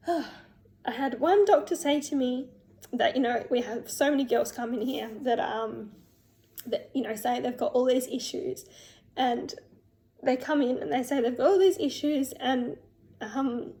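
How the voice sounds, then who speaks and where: Young woman, tearful and halting, fairly high voice, lots of ums. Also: dark tone. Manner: tearful, halting, many fillers and restarts. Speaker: vlogger. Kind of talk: emotional personal story vlog.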